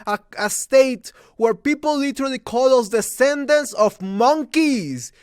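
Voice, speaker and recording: A man rants through a movie review, his fairly high voice swinging wildly up and down. He swears constantly in a heated, exasperated way. His voice is smooth and resonant, recorded close and dry with no room sound. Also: lively intonation, measured pace, dry recording. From Mexico. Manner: heated, profane ranting.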